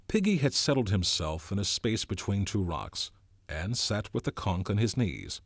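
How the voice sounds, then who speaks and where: A man reading a novel aloud in a measured, expressive narration. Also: on the low side, dry recording, studio quality. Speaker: reader.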